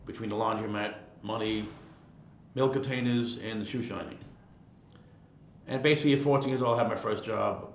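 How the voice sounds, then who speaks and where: Speaking briskly with fairly even intonation, a Queens, New York man around sixty, a retired ironworker, guests on an interview and tells stories in a rambling, casual way, repeating words. The recording has room echo and a faint rumble.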